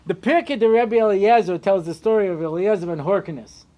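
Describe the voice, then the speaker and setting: A male rabbi giving a storytelling Torah lecture, conversational with lots of asides. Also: brisk. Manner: conversational, many asides and "you know"s; animated, shifting pitch and loudness.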